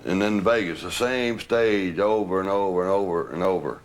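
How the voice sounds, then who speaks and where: A man's voice: sits low, normal speed. Older guy, storyteller, laughs through his anecdotes. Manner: animated, laughs while telling stories. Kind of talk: reminiscing anecdotes.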